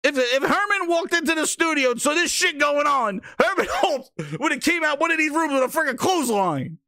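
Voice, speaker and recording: A male host with a very high, bright voice, ranting and laughing through casual video commentary. His pitch swings widely as he curses and riffs, and the recording is dry and close with no room around it. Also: fairly quick, no room sound. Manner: profane, laughing, animated ranting.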